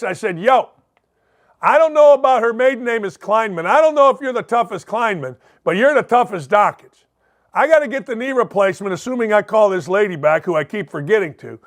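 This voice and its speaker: A middle-aged man hosting a sports talk show, delivering a rambling, joking monologue full of digressions. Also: high voice.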